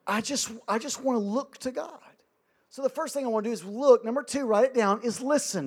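A middle-aged man preaching a sermon, energetic, humorous and self-deprecating. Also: very high-pitched, fairly quick. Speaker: pastor.

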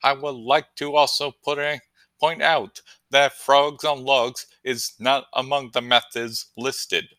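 A man as a stiff deadpan news reporter. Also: medium pitch, slow pace, dry recording, pitched above the performer's own voice. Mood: formal. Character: stiff self-referential male news field reporter.

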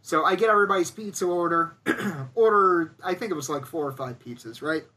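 A man's voice: on the high side, fairly quick, bright, forceful tone, recorded from a distance. A young man casually telling a funny story, animatedly acting out other people's lines. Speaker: storyteller guest. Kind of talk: casual anecdote on a podcast.

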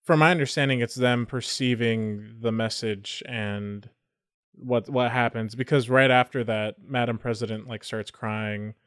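A man chats casually and thoughtfully, hedging his points with fillers. His voice sits at a middle pitch, and the recording is dry and close with little room sound. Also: steady tone, a little slow, a bit bright, clear, resonant tone, no room sound. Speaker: comic discussion co-host. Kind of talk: casual chat.

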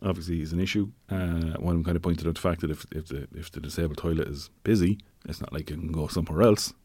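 A man's voice: low voice, fairly even intonation, fast, dark tone, husky, no room sound. A man co-hosting a casual chat show, talking conversationally with wry asides and plenty of fillers. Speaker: podcast co-host.

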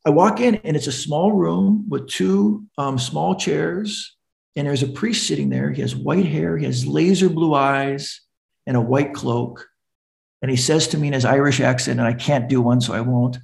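A middle-aged recovery coach speaks as a podcast guest, his voice sitting a little high and carrying a gravelly edge. He tells his story with earnest feeling and slips into the voices of the people he describes. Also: moderate pace, a little mellow. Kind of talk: personal story in a podcast interview.

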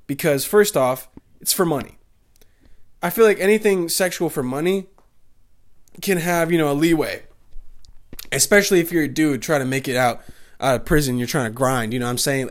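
Rambling crude young man storyteller. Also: on the high side. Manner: rambling, crude, animated voices for characters. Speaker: comedic storyteller. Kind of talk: profane comedic monologue.

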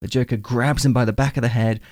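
A man's voice: mid-range voice, fairly even intonation, fast, darkish tone, no room sound, studio quality. A man hosting a casual film chat, enthusiastically retelling scenes at length.

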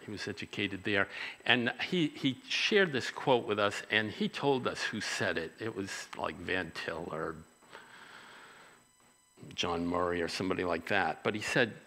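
A man's voice: lowish voice, animated, unhurried, bright, forceful tone, long reverb tail. A man preaching a sermon as a pastor, talking conversationally and asking the congregation questions.

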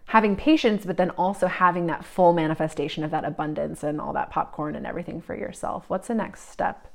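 A woman giving a psychic reading, talking in a searching, meandering way with many fillers, often drifting soft and reflective. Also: on the low side, a little fast, gravelly. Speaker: psychic reader.

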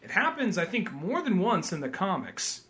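A man's voice: high-pitched, sing-song, normal speed, a bit bright. A man co-hosting a podcast in casual chat, retelling scenes and acting out quotes. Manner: storytelling, acts out scene quotes. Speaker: podcast co-host.

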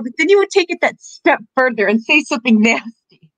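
A woman's voice: high voice, animated, fast, fairly bright tone, no echo, rough recording. A woman co-hosting a podcast, teasing the others and laughing often in casual banter.

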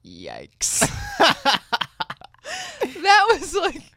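A woman's voice: mid-range voice, huge pitch swings, a little fast, fairly bright tone. A young woman co-hosting a casual podcast, giggly and flustered, often squealing with laughter. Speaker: podcast co-host.

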